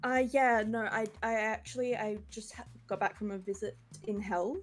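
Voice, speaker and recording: A woman's voice: medium pitch, steady tone, normal speed. A woman joining as a guest judge by call, hesitant and giggly, with playful jokes. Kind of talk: casual chat.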